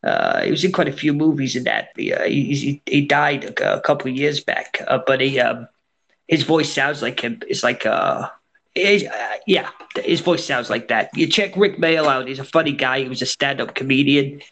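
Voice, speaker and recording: A man's voice: medium pitch, big pitch swings, normal speed, fairly bright tone. A man with a nasal voice, chatting casually and telling rambling stories. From Scotland. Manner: rambling, anecdotal storyteller. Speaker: entertainer and guest. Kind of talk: casual chat.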